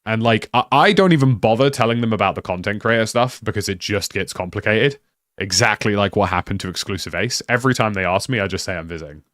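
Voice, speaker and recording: A man's voice: on the low side, quick pace, a bit bright, no echo, clean studio sound. A young British man chatting casually on a live stream, rambling with lots of "like" and restarts. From United Kingdom.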